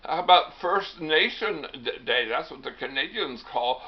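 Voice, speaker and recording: A man's voice: a little high, animated, unhurried, pitched above the performer's own voice. A man voicing the indignant male spirit of a legendary chief in a spoken comedy skit, firing off exasperated questions. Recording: dull lo-fi recording.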